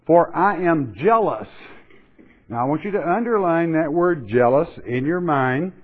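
A male pastor delivers a sermon with folksy humor and rambling asides. His voice sits a touch high for a man. The audio is thin and tinny, as if heard down a phone line. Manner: folksy, joking asides, digressive.

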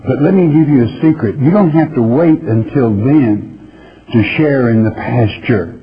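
A man's voice: medium pitch, moderate pace. Male radio preacher, folksy and emphatic, keeps checking in with listeners, dull lo-fi broadcast sound. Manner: folksy, emphatic, with frequent "okay?" asides. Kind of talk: verse-by-verse Bible teaching.

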